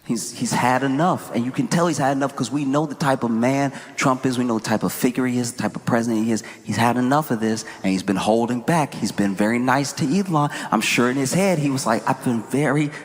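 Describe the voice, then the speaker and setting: A man doing a stand-up comedy set, animated, acting out quotes and shouting punchlines. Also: medium pitch, brisk, hardly any pauses. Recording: echoey hall with room noise.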